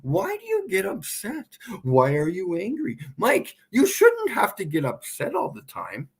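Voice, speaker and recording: A man putting on the voice of a nagging online commenter who scolds someone for being upset, in a mocking, high-pitched tone. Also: huge pitch swings, unhurried, breathy edge, exaggerated voice.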